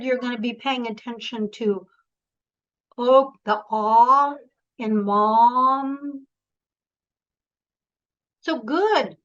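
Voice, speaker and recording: A woman's voice: fairly high pitch, a bit bright, highs cut off. A woman coaching presenters in an online workshop, encouraging and directive, speaking over a video call.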